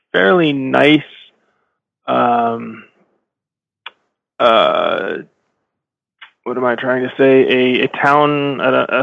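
A man narrating as game master in a tabletop game, halting with many fillers and self-corrections, on a slightly dull recording. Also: medium pitch, vocal fry.

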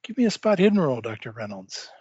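A man acts as game master for a tabletop horror game, narrating scenes calmly and at length. His voice comes over a dull, lo-fi online call, and the sound is dry and close. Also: medium pitch, breathy edge, no room sound. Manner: calm, drawn-out descriptive narration.

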